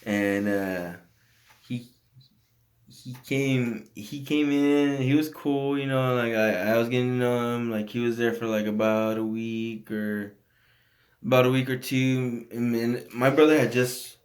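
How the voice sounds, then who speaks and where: A man's voice: mid-range voice, fairly even intonation, measured pace. Laid-back rambling man. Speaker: podcast co-host. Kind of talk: casual chat. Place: house used as a home studio. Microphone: phone.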